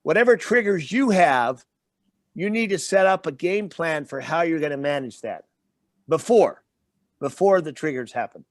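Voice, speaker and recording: Male guest trainer, a fairly high voice, dry close sound, explains in plain everyday examples. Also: expressive, normal speed, dry recording. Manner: explains with everyday examples and stops to check in with "okay?". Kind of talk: interview explanation.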